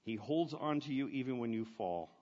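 A man's voice: medium pitch, lively intonation, moderate pace, a little mellow. A man preaching a sermon in a conversational, emphatic way, asking his listeners questions. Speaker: pastor. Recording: dull lo-fi sound with long reverb.

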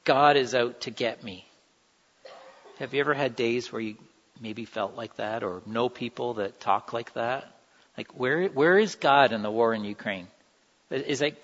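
This preacher has a medium-pitched voice that's a bit bright and slightly rough. His sermon is earnest and conversational, and he performs the quoted lines with feeling. The audio is dull, recorded in a reverberant hall.

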